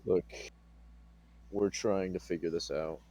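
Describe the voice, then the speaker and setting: Curt, low-voiced man interrogating. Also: fairly even intonation, slow, warm tone. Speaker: player. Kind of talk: in-character questioning at a tabletop game.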